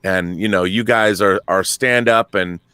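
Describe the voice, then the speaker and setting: A man, a filmmaker guest on a livestream panel, talking in an effusive, thankful way with halting restarts. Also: on the low side, fairly even intonation, sharp tone, clean tone, no echo. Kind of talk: casual panel chat on a livestream.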